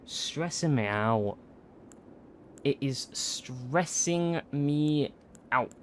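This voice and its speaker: A man's voice: mid-range voice, expressive, very slow, a little hiss or hum. A young man commentating on his own gameplay as a streamer, swearing and repeating himself in frustration. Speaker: gaming streamer.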